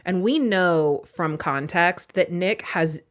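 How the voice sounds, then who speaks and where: A woman with a fairly low voice co-hosts a casual book podcast. She walks through the plot in a chatty way and breaks off for playful asides. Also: takes it slowly. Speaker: podcast co-host. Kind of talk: casual book-recap chat.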